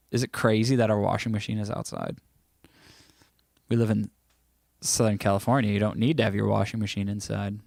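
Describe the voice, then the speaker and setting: A man's voice: on the low side, creaky, a little mellow, no room sound, clean studio sound. An American man hosting a casual livestream from home, reading chat comments aloud in a playful, joking way. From United States. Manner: playful, joking, breaks into bits of song. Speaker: livestream host.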